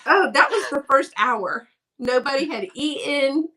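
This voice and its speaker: A woman, telling animated stories in a casual chat and acting out what people said, laughing often. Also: sits high, unhurried, distant mic. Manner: animated, laughing storyteller who acts out quotes. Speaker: guest, fellow reseller.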